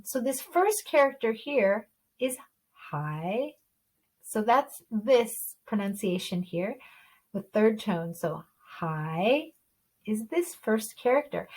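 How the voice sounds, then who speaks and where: A woman's voice: fairly high pitch, slightly rough, low-quality recording. Patient woman teaching Chinese tones. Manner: patient, explanatory, models tones aloud. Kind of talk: online language lesson.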